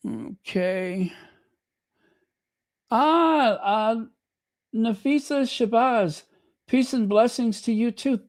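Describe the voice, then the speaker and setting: A man's voice: very high-pitched, very slow, long pauses, no echo. A man hosting his own channel in casual live commentary, chatty and thinking aloud as he reads viewer comments. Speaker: channel host.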